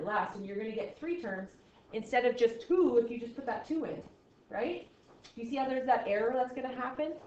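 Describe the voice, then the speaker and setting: Woman math teacher, kinda high voice, joking around a lot, echoey room, dull lo-fi sound. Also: a little mellow, slight background noise. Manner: playful, exaggerated, jokey asides. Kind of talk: classroom math lesson. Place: classroom.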